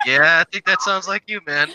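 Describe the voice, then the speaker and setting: A man's voice: on the high side, a little fast, noisy background. A man in casual podcast chat, laid-back and joking.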